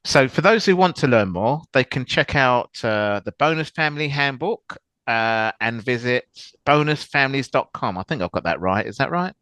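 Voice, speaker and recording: A man hosting a podcast interview. He talks casually and agreeably at a middle pitch, with lots of yeahs and short laughs, and he sounds dry and close to the mic. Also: animated, normal speed, few pauses, a bit bright, no room sound. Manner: agreeable, frequent backchannels and laughs. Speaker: podcast host.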